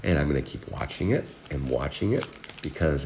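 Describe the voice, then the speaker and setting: A man's voice: rumbling low, lively intonation, fairly quick, a little mellow, a little hiss or hum. A married man casually hosting a live trading card break, rambling and chatting with viewers by name while listing cards. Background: music.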